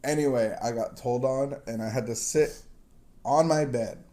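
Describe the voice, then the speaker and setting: A man hosts a relaxed recovery talk, chatting through childhood stories. His voice is warm and mellow at an ordinary pitch. He rambles, restarts his sentences and chuckles at himself. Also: normal speed. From missionary kid raised partly in Southeast Asia. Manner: rambling and self-deprecating, with frequent restarts and chuckles. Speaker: recovery podcast host. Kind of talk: casual conversational storytelling.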